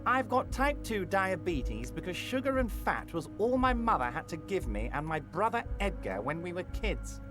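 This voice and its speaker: A jovial scheming union boss. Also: male voice, very animated, moderate pace, few pauses. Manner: booming, self-assured, sweeping speechmaking. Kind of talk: video game voice acting. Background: game music.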